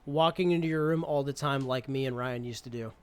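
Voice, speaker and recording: A man's voice: medium pitch, brisk, a little mellow. A young man in casual podcast banter, teasing, stuttering and swearing freely. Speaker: podcast co-host.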